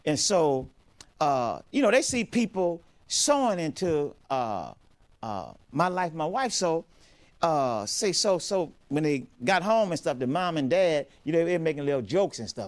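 Middle-aged preacher guy, high and swooping voice, keeps restarting and hammering his points. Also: big pitch swings, unhurried. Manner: emphatic, repetitive preaching with many restarts. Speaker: pastor. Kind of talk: sermon.

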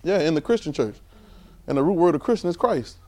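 Male preacher with a high voice, casual and animated delivery, repeats himself for emphasis. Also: brisk. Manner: animated, repeats phrases, swings between loud and soft. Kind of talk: informal conversational sermon.

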